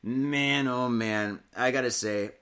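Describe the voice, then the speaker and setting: A man's voice: mid-range voice, takes it slowly, fairly bright tone. A young man from Michigan, chatting casually as a podcast co-host, rambling and swearing constantly. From Michigan, USA. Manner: profane, rambling, heavy cursing and filler.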